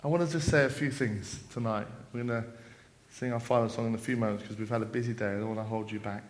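A man's voice: lowish voice, steady tone, quick pace. A man giving an evening sermon at a church service, retelling a story with dramatic rises and falls and quoted lines. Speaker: preacher.

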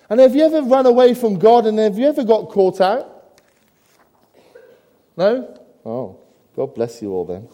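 High-voiced preacher in an echoing church. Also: male voice, mellow. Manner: humorous asides and rhetorical questions. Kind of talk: sermon. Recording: long church reverb.

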